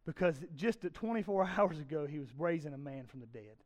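A man in his thirties preaching a sermon, swinging from hushed tones to loud emphasis and asking the congregation rhetorical questions. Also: fairly high pitch, animated, fairly quick. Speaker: pastor.

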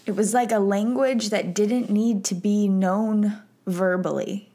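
This female podcast host talks slowly and reflectively about personal things, turning emotional and occasionally tearful. Her medium-pitched voice has a dark tone and fairly even intonation.

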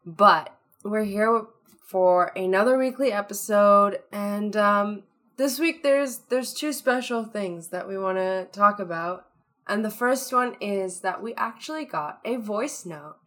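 A woman's voice: mid-range voice, a little slow, fairly bright tone. A woman co-hosting a casual podcast, chatting and laughing easily with fillers between thoughts. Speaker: podcast co-host.

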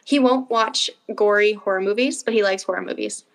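A young woman co-hosting a podcast, chatting casually and acting out stories with lively quoted voices. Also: brisk, creaky. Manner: animated storytelling, acting out quotes with big pitch jumps. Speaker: podcast co-host. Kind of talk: casual chat.

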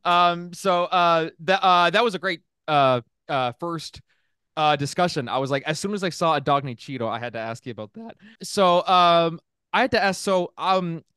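A man's voice: fairly high pitch, expressive, moderate pace, bright, forceful tone, smooth, no room sound, clean studio sound. A man hosting a casual podcast interview, rambling with lots of fillers and restarts, laughing often. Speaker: podcast host.

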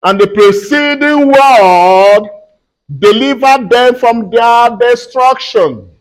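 High-voiced emphatic preacher man. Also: takes it slowly, rough recording. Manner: emphatic, repetitive, call-and-response questions. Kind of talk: sermon. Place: church.

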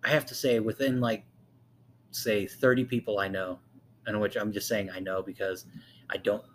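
Rambling young man, lowish voice. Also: steady tone, moderate pace, slight background noise. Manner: rambling, profane, many fillers. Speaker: podcast co-host. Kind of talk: casual chat.

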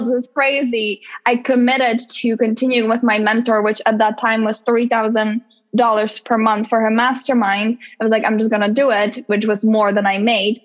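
A woman guest on a casual podcast interview, telling her business story in an animated way and acting out her own past thoughts. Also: a little high, highs cut off.

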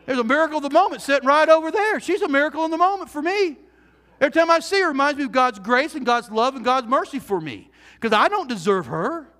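A male pastor delivering an earnest, animated sermon, full of repeated phrases and questions put to the congregation. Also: very high voice, fast talker. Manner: earnest, animated preaching with repetitions and rhetorical questions. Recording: reverberant hall.

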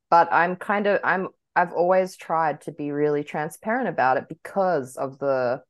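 A young woman co-hosting a podcast, chatting casually, laughing often and talking in bursts with lots of fillers. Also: rumbling low. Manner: bubbly, laughs often, talks in quick bursts with many fillers. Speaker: podcast co-host. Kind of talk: casual chat.

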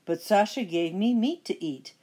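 A woman voicing a clever, helpful talking cat from a storybook, calm and urging. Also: mid-range voice, moderate pace, natural voice. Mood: sly.

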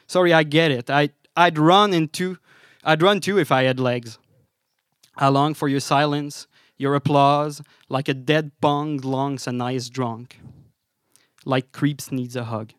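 A man's voice: on the high side, steady tone, measured pace, smooth, no echo, clean studio sound. A man with a French Canadian accent performing spoken word poetry on a live stage, with a wry, apologetic, rhythmic delivery.

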